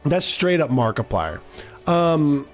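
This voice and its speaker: A man's voice: on the high side, very animated, faint music behind. A man streaming a game, chatting casually and rambling off mid-sentence as he reads his chat. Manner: rambling, distracted, quick to trail off.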